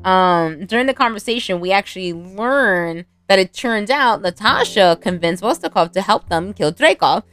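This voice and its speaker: A woman's voice: mid-range voice, animated, normal speed, hardly any pauses, a bit bright. A woman casually recapping a film, rambling with many fillers and frequent laughter. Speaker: movie recap vlogger.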